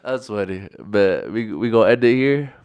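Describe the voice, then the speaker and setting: A man's voice: lowish voice, animated, moderate pace, darkish tone, smooth. A young man co-hosting a casual podcast chat, telling a story in a laid-back way. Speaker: podcast co-host.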